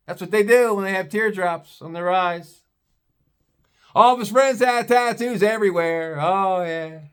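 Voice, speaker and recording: Man, ranting neighbor story, profane, scornful, blunt, slightly high voice. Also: fairly bright tone, clear, resonant tone. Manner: acts out other people in put-on voices. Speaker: vlogger.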